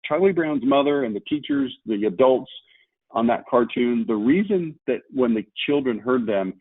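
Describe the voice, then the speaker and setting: Man, marketing webinar presenter, emphatic, rhetorical questions, mid-pitched voice, dry phone-like sound. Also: big pitch swings, moderate pace, vocal fry, no room sound. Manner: emphatic, rhetorical questions, repeats key words. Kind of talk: webinar lecture. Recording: tinny phone-like line, dry.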